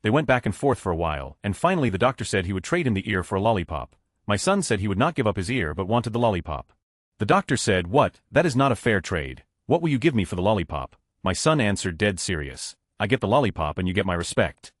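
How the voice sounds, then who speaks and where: A man narrates a run of short online stories in scripted style, speaking quickly with a lot of rise and fall. His voice sits a little low. The sound is dry, with no room around it. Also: very animated, dry recording. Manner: reads each numbered story straight through, quoting children's lines in his own voice. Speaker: narrator of a story channel.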